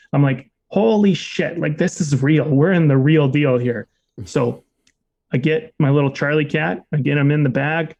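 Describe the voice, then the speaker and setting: A man of average pitch tells a personal story on a podcast. He keeps it loose and conversational, drops "like" into nearly every sentence and swears now and then. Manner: relaxed, frequent "like" fillers, occasional swearing. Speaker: podcast co-host. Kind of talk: casual storytelling.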